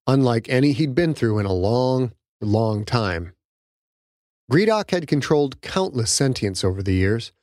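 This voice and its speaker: A man narrating his own novel as an audiobook, reading in a dramatic, lively way. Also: mid-range voice, no room sound, studio quality. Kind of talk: scripted narration.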